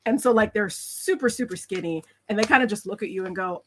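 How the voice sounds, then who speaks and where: A woman's voice: medium pitch, fairly quick, a little hiss or hum. A woman running a live tabletop role-play game as game master, telling the scene with lots of fillers. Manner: lively storytelling with many fillers.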